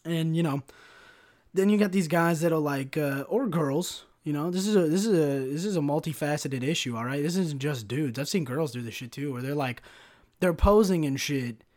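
A man's voice: on the high side, moderate pace, a little mellow. A young man hosting a solo podcast rant, profane and sarcastic, constantly saying "bro" and "like". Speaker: podcast host.

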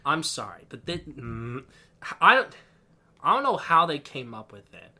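Guy gushing in a casual podcast chat, bright slightly high voice, rambly, laughs a lot. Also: a little slow. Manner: excitable, rambling, laughs often. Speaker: podcast co-host.

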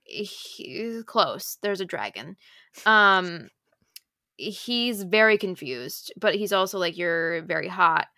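A young woman co-hosting a podcast, retelling romance plots in an animated, breathless rush. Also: medium pitch, takes it slowly, no echo, studio quality. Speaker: podcast co-host. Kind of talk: casual chat about romance novels.

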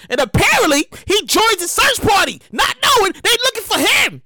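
A woman telling a story in a casual monologue, talking fast, laughing often and swearing freely. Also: very high voice, sing-song, pushed and bright, dry recording, raised voice.

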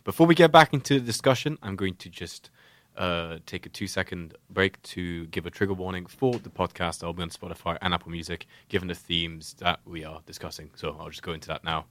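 A man's voice: deep voice, brisk, a bit bright. A man hosting a podcast in casual chat, hesitant and full of fillers. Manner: hesitant, lots of fillers and restarts. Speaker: podcast host.

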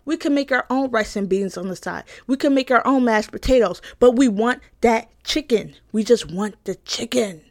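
A young woman giving an emphatic, satirical personal monologue, repeating lines for punch and swearing freely. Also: fairly high pitch. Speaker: comedic commentator.

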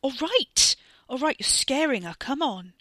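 A woman voicing a nervous young man who apologises and tries to calm things in rough slang. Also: fairly low pitch, normal speed, no echo. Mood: alarmed. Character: anxious young man trying to calm his brother.

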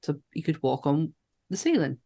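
A woman's voice: sits low, normal speed, breathy edge. A woman co-hosting a podcast about films, chatting casually, swearing freely and laughing between points. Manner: animated, sweary, laughs often. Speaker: podcast co-host. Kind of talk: casual film chat.

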